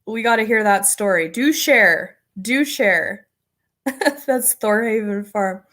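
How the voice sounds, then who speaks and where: A woman's voice: a little high, fairly bright tone. A middle-aged American woman hosting a casual homestead livestream, chatting rambly and reading viewer comments with frequent laughs.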